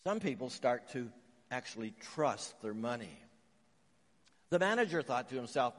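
A man from Canada delivers a sermon in an earnest, storytelling manner. His voice sits a little high, and his questions climb with emphasis. The words trail into a long reverb, as in a large hall. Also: big pitch swings, normal speed. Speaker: pastor.

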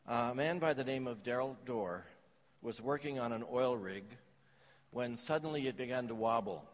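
A man's voice: medium pitch, normal speed, big-room sound. A man preaching a sermon, telling stories and jokes to his congregation. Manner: storytelling with jokes and anecdotes. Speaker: pastor.

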